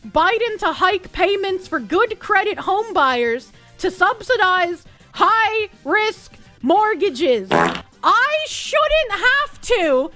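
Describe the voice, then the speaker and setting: A woman streamer ranting angrily at her chat, swearing and breaking into shouts. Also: extremely high pitch, big pitch swings, drawn-out words, soft background music. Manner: angry, swearing, bursts into shouts.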